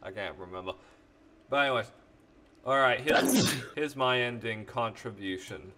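A man's voice: medium pitch, measured pace, pushed and bright. A man hosting a let's play, chatting casually while gaming, rambling, joking and swearing.

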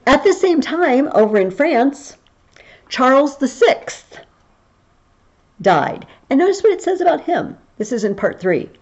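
A woman's voice: high-pitched, very animated, measured pace, darkish tone, highs cut off. A woman history teacher talking through a recorded video lesson in a chatty, explaining way.

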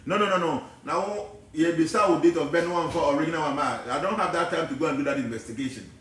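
A Ghanaian man holds forth in a preachy, digressive way, his voice pitched fairly high for a man. He sits well back from the microphone. Heavy room echo surrounds every word. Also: quick pace, fairly bright tone, far from the mic. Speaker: spiritual teacher. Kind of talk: casual talk mixing English and Twi.

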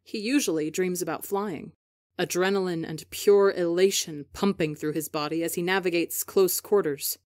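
A woman reads a long story aloud in a calm, measured voice that sits a little low. She eases softly into asides and keeps an even storytelling pace. The recording is dry and close, with no room sound. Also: no room sound. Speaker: podcast reader. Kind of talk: audiobook reading of fan fiction.

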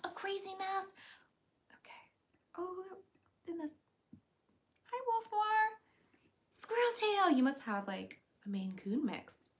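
A woman hosts a relaxed livestream, reading viewer comments aloud with a playful, talkative manner. Calling her cat, she leaps into a high baby voice.

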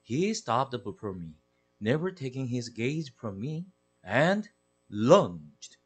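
With big swings in pitch, a man who teaches English and speaks with a Korean accent gives an expressive, deliberate storytelling reading of a children's novel. His voice is mid-range and slightly rough.

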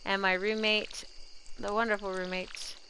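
Bright-voiced woman streaming a farming game. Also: mid-range voice, level tone, a little slow, slight background noise. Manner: chatty, gushing over baby animals, talks to chat and her pets. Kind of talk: casual gameplay commentary.

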